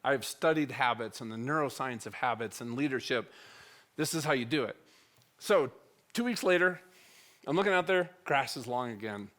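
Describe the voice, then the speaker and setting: A middle-aged man gives a story-driven talk at a church. His voice is mid-pitched, and he swings between loud, punchy lines and quiet, soft ones as he acts out the conversations. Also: normal speed. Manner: animated, acts out dialogue with wide swings in loudness. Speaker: church speaker.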